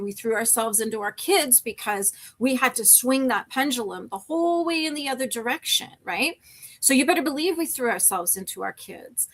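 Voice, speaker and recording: A woman's voice: on the high side, a bit bright. A middle-aged woman, hosting a live stream and talking candidly and emotionally in a rambling, casual way. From Canada.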